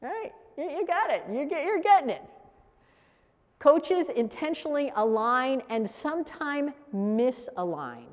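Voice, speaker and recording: A woman teaching a coaching workshop, lively and laughing, repeating answers back to the room. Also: high-pitched, unhurried, big-room sound. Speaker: coach trainer.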